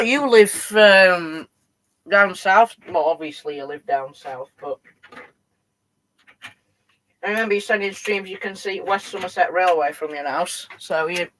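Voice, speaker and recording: A Yorkshire teenager with a local accent hosts a casual live stream, running model trains while answering messages from his viewers. He talks slowly in a high-pitched, sharp voice, pausing often, over slight background noise and poor audio.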